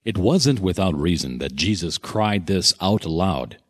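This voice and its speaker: A man narrating a scripted Bible teaching with dramatic, expressive storytelling. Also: deep voice, a little slow.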